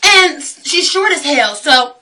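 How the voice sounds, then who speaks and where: A young woman telling a story as a vlogger, cursing freely and swinging between loud bursts and hushed asides. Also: high-pitched, lively intonation, takes it slowly, distant mic. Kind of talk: casual storytelling rant.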